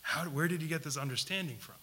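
A man preaching a sermon, putting questions to his listeners and repeating key words for emphasis, swinging between loud and hushed delivery. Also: a little high, fast talker, a little hiss or hum. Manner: asks the audience questions, emphatic repetition.

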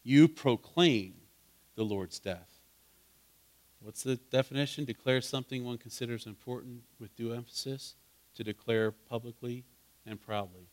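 A man's voice: mid-range voice, a little slow, a little mellow. A man preaching in a conversational way, asking his listeners questions and building to fervent emphasis. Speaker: pastor teaching a Bible study. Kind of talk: interactive sermon.

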